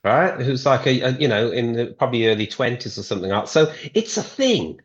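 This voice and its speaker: A man's voice: medium pitch, a little fast, lo-fi sound. A man from Britain, a guest guitarist, chatting casually on a podcast and telling stories with lots of restarts. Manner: rambling, lively storytelling with many restarts.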